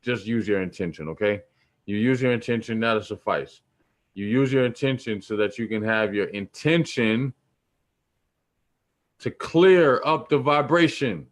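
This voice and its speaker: A man's voice: lowish voice, moderate pace. Guy preaching spiritual stuff, casual and blunt, slangy, keeps repeating himself. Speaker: spiritual teacher. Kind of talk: casual spiritual teaching talk.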